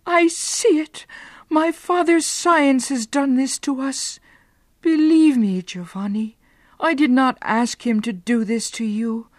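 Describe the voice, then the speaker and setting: A pleading young woman with a high voice, as a woman narrator puts her on. She speaks slowly and with urgency. The recording is dry and close. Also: darkish tone, no echo. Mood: desperate.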